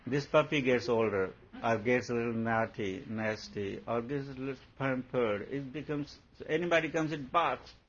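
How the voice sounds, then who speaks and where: A man's voice: medium pitch, moderate pace, few pauses. A man, a spiritual teacher talking to followers in a playful, laughing way, acting out everyday scenes. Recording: dull lo-fi recording, faint background hum.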